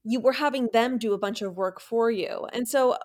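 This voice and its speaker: A woman's voice: a little high, normal speed, a little mellow. A woman co-hosting a podcast in casual chat, friendly, gushing and upbeat. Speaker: podcast co-host.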